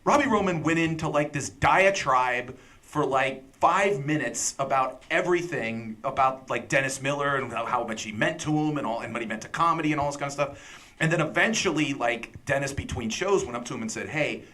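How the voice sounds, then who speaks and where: A man's voice: mid-range voice, a little fast, pushed and bright. A man hosting a talk show, chatting casually and telling stories with a laugh. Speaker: radio show host. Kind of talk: casual chat.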